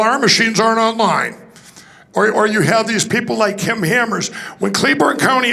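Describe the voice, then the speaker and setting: Speaking from a conference stage, this man has a high-pitched voice that sounds creaky, pushed and bright. His story to the audience rambles, with restarts and acted-out dialogue.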